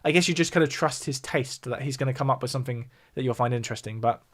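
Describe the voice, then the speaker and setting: A music YouTuber from southern England hosts a livestream, talking fast in a slightly bright, mid-range voice with a southern English accent. He explains things casually, reacting to viewer chat between points.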